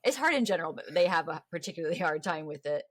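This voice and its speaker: A woman hosting a casual history podcast, telling the story in a chatty, animated way with playful voiced quotes. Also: low-pitched, fast talker, no echo, studio quality. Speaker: podcast host.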